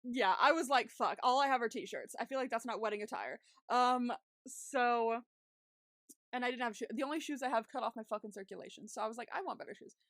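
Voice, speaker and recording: Young woman podcast host, chatty and giggly, swears a lot, slightly high voice, dry close sound. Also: fairly quick, a bit bright, no echo. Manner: chatty, swears freely, laughs often, many fillers. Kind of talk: casual storytelling chat.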